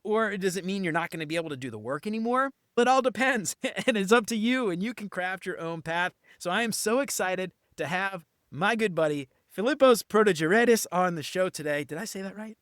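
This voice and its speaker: Upbeat podcast host, fairly high voice. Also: male voice, expressive, a little fast, few pauses, a bit bright, no room sound, clean studio sound. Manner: enthusiastic, upbeat, casual slang. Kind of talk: casual interview chat and show promo.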